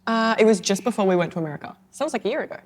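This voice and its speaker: A woman's voice: medium pitch, animated, rapid-fire. A woman co-hosting a podcast in casual chat, teasing her co-host and laughing easily.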